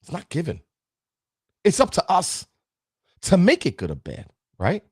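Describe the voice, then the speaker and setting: A man hosting a motivational talk show, speaking straight to his audience with a preachy, animated delivery. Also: high-pitched, a little slow, husky, dry recording, clean studio sound. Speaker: motivational show host and town councilman.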